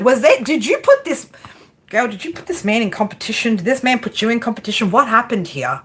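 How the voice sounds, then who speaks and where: A woman's voice: on the high side, big pitch swings, fairly quick, fairly bright tone, slightly rough. A woman giving a live tarot reading in a brash, chatty way, swearing freely and calling her viewer girl and baby. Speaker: tarot reader.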